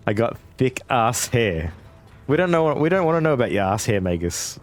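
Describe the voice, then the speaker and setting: This twentysomething streamer talks in a medium-pitched, sing-song voice, a little slow, over soft background music. He's casual and chatty, rambling through gameplay and replying to viewers between fights.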